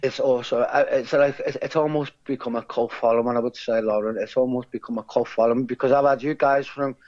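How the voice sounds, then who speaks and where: A man's voice: medium pitch, steady tone, brisk, darkish tone. Guy chatting as an interview guest, keeps repeating himself, kinda muffled lo-fi sound. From England. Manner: rambling, with many repeated words and restarts. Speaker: guest, character lookalike. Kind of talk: casual interview chat. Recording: dull lo-fi sound.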